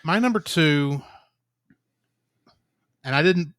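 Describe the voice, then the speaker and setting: A man co-hosting a podcast, calmly and analytically talking through a film's story in casual chat. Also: a little high, slow, no echo, clean studio sound. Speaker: podcast co-host. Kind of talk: casual film review chat.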